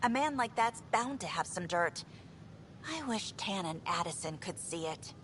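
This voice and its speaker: A woman's voice: lowish voice, lively intonation, a little slow, fairly bright tone, slight background noise. An actress playing a frustrated, outspoken female engineer in a video game. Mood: exasperated. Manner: exasperated, outspoken. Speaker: game character.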